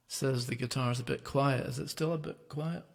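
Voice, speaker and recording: A man's voice: medium pitch, moderate pace, vocal fry. A man, a singer-songwriter, chatting loosely between songs on a home livestream, rambling with plenty of fillers. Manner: relaxed, rambling, with many fillers. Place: home, streaming live.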